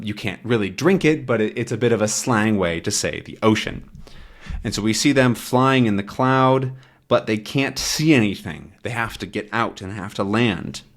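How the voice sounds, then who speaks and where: A man walks English learners through a comic, patiently explaining each word and checking in with "right?" He speaks slowly, in a middle pitch. His voice swings up and down in animated, expressive turns and acts out sounds along the way. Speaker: English teacher.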